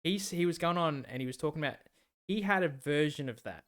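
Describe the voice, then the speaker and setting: Laid-back man with a fairly high voice. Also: lively intonation, brisk, fairly bright tone. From Australia. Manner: laid-back, swears freely, laughs often. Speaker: podcast co-host. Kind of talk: casual chat.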